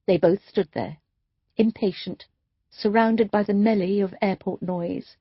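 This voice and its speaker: A woman's voice: mid-range voice, fairly even intonation, unhurried, husky, no echo, dull audio. A woman narrating an audiobook, reading the dialogue with light shifts for each character. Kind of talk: scripted narration.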